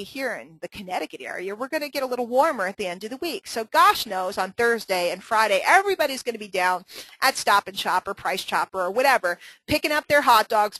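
A woman running a live teaching webinar, chatty and quick to joke, laughing freely between points. Her voice sits a little high, and it is picked up dry and close with no room sound. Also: fairly bright tone, dry recording, poor audio. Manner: chatty, joking, laughs often. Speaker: webinar host and marketing trainer.

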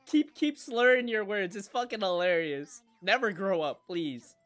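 A woman with a voice on the high side hosts an anime reaction, shifting from gentle cooing to loud, excited squeals while swearing freely.

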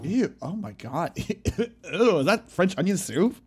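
A man's voice: high voice, slow pace, soft background music. A young man streaming a casual reaction to a TV clip, joking and talking back at the screen. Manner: excitable, jokey, talks back at the screen.

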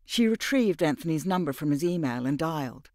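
A man narrating an audiobook in a measured, even storytelling voice on a close mic. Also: on the high side, no room sound. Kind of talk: scripted narration.

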